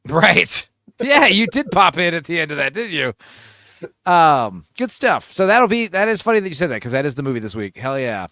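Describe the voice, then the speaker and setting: Crude, rambling man with a lively voice. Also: fairly high pitch, normal speed, no room sound, studio quality. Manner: crude, rambling, joking storyteller. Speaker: livestream host. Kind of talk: casual livestream chat.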